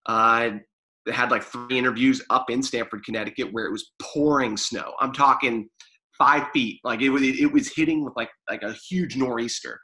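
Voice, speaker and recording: A man's voice: mid-range voice, bright, forceful tone, rough recording. A man chatting casually in an interview, rambling with fillers and restarts. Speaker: guest, former pro sports media staffer.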